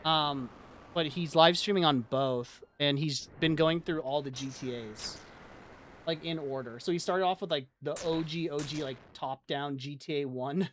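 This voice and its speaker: A man's voice: on the high side, normal speed, slight background noise. A man streaming live, chatting casually and rambling, with lots of "like" as he tells stories. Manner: rambling, heavy use of "like", animated storytelling. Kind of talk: casual livestream chat.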